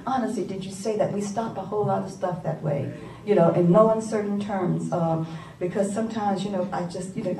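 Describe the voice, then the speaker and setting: An older woman from New York, a poet telling a story to an audience, animated and laughing, repeating phrases for emphasis. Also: medium pitch, creaky, slight background noise. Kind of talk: live storytelling talk to an audience. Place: conference hall. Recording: roomy, from far off, faint ambience.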